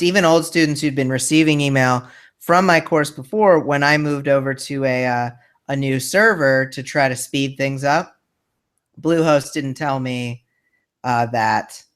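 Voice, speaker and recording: A man's voice: mid-range voice, a bit bright. A man hosting a live show in casual chat, reading out viewer questions in a friendly, hesitant way. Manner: friendly, hesitant, lots of fillers.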